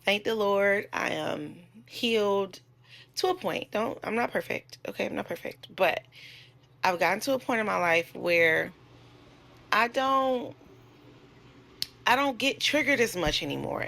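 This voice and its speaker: A woman's voice: medium pitch, measured pace, creaky, a bit bright. A woman who works as a nurse, telling a story to her camera in a candid, chatty way and cursing freely. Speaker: nurse and vlogger.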